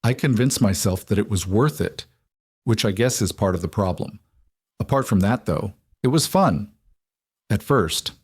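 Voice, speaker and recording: A man's voice: fairly low pitch, expressive, moderate pace, slightly rough. A man voicing an insecure adult husband who confesses hesitantly and apologetically in an audiobook. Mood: confessional.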